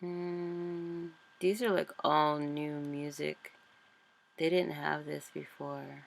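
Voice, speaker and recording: A woman's voice: sits low, level tone, slow, creaky. A woman author chatting casually and thinking aloud as she walks through a screen-recorded tutorial. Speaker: author and vlogger.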